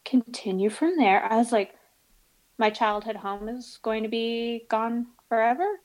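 A woman telling stories in casual podcast chat, animated and acting out the people in them. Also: fairly high pitch, a little slow, low-quality recording.

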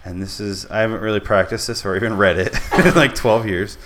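A man's voice: on the low side, fairly quick, noisy background. A man hosting a podcast in casual chat with friends, rambling and swearing freely. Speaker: podcast host.

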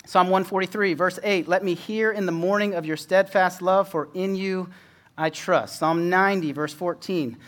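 A man preaching a sermon in a relaxed, conversational way, with self-deprecating humor. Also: sits high, moderate pace. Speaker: pastor.

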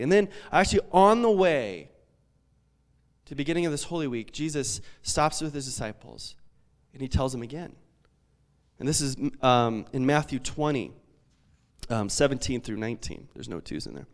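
A man, a pastor in his thirties, preaching a sermon with animated, self-deprecating storytelling and lots of fillers. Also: medium pitch, normal speed.

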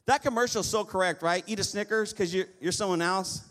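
A male pastor preaching a lively sermon, often asking the congregation for an amen. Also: high-pitched, fairly quick. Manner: lively preaching with call-and-response amens.

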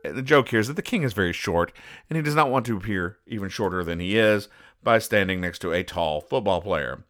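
A man hosting a comedy show, reading comic strips aloud and explaining the jokes in a wry, deadpan way. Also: low-pitched, a little fast. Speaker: host.

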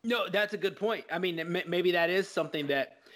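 A man co-hosting a casual film podcast, talking in an animated, profane way and acting out scenes. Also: high voice, a little fast. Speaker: podcast co-host.

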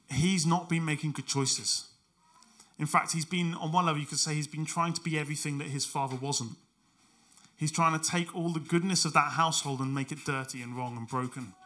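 Higher-voiced man preaching a sermon. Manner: passionate, rising to loud emphatic preaching.

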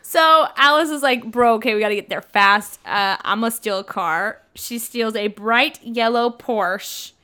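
A woman's voice: a little high, measured pace, few pauses, pushed and bright, smooth. A young woman co-hosting a casual book chat, with playful, exaggerated reactions. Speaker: podcast co-host.

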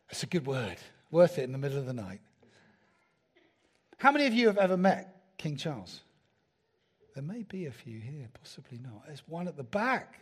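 A man's voice: fairly high pitch, big pitch swings, fairly quick. A man preaching a sermon in a church, talking conversationally and asking the congregation rhetorical questions. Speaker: pastor.

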